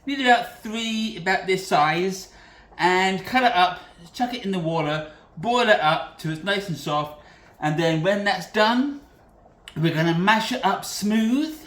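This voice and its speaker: A man's voice: high-pitched, expressive, measured pace, fairly bright tone, roomy sound. A man from Britain hosting a casual cooking demonstration in his home kitchen, chatty and loose, often correcting himself mid-sentence. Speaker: cooking channel host.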